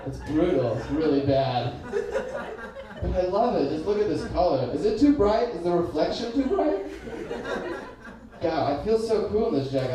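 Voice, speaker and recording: A young man in his twenties doing a stand-up set, rambling and self-deprecating, breaking into silly voices. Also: fairly high pitch. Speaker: stand-up comedian. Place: comedy stage indoors. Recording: very echoey room from far off.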